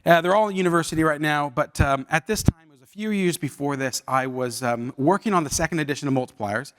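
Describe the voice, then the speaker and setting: A man in his forties speaks from the front of a workshop, his voice sitting a little high. He talks casually and tells stories, turning often to the audience with questions. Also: quick pace, fairly bright tone. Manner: conversational storytelling with audience questions. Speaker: leadership workshop presenter. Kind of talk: live workshop talk. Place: university event hall.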